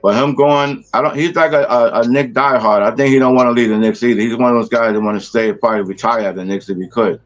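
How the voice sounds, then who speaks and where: A man on a sports podcast panel, giving short, plain, halting answers. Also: mid-range voice, fairly even intonation. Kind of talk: casual sports podcast talk. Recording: dull lo-fi podcast audio.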